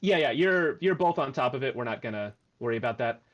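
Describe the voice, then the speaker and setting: A man's voice: mid-range voice, animated, quick pace, fairly bright tone, lo-fi sound. A man running a tabletop game as game master, explaining the rules and thinking aloud.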